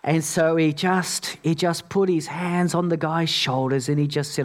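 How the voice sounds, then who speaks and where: A man preaching a sermon as pastor, telling stories with many repeated words, dropping soft and low for quoted lines. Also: fairly even intonation, a little slow.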